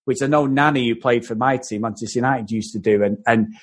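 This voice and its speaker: A man's voice: mid-range voice, fast. A man co-hosting a podcast, animatedly mocking an old film's scenes and swearing freely. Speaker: podcast co-host. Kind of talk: casual film review chat.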